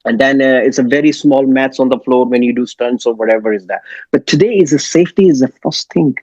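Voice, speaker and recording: A man, a martial arts actor, speaking hesitantly in a casual interview, pausing and searching for words. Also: mid-range voice, darkish tone, slightly rough, no room sound. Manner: halting, many fillers, searching for words. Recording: dull dry audio.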